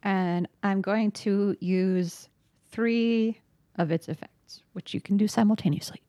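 A woman's voice: medium pitch, fairly even intonation, a little slow, warm tone, dry recording, clean studio sound. A woman playing a tabletop game, talking playfully and laughing often. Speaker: player.

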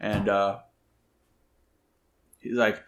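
A man co-hosting a podcast, telling a story in a casual, animated way and acting out other people's voices. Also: on the low side, extremely slow, gravelly, slight background noise. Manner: animated, acts out quoted voices loudly. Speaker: podcast co-host.

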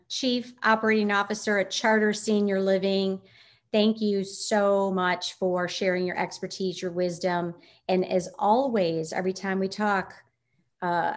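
A woman hosting an interview, asking questions and thanking her guest with effusive praise. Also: mid-range voice. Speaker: podcast host.

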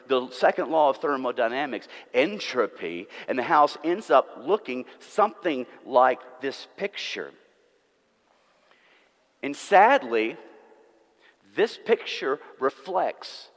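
A man preaching a sermon, earnest and emphatic, repeating words for stress. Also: medium pitch. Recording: long reverb of a church hall.

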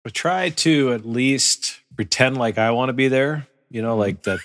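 A man's voice: mid-range voice, measured pace, a bit bright. A man on a podcast chatting casually and thoughtfully about parenting. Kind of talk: casual chat.

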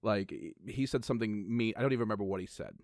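A man in relaxed conversation, reflecting and telling a story about a friend, chuckling as he talks. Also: on the low side, fast talker, no echo, studio quality. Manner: easygoing, reflective, chuckles while talking. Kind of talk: casual chat.

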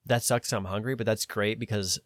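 A man's voice: fairly low pitch, fairly even intonation, fairly quick, no echo, studio quality. A man on a podcast telling a long story in a casual way, quoting other people in his own voice and swearing now and then. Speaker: podcast host.

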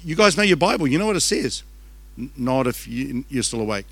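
Fast-talking New Zealand pastor, bright voice. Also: male voice, mid-range voice, big pitch swings, slightly rough, dry recording. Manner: fast-talking, joking and conversational, with restarts. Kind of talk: conference sermon. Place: church auditorium. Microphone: handheld microphone.

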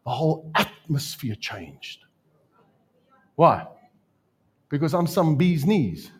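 A man with a South African accent preaching a sermon, telling stories with jokes and lively asides. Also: on the high side, takes it slowly, long pauses, husky. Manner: storytelling, joking, animated asides. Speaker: pastor.

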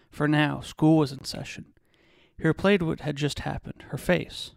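A man, a podcast host, reading a novel excerpt aloud at a measured pace, with occasional restarts. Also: a little high, fairly even intonation, vocal fry, no echo, clean studio sound.

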